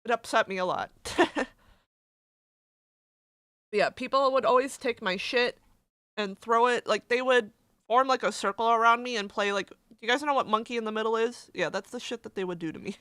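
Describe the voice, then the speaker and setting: A woman's voice: on the high side, normal speed, long pauses, fairly bright tone, clear, resonant tone, no room sound. A woman streamer chatting casually on a livestream and reading messages aloud, candid and emotional, swearing and laughing easily.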